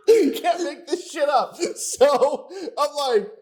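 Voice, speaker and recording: Animated, profane male podcast co-host. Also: extremely high pitch. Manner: profane, animated, acts out quotes. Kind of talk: casual storytelling chat.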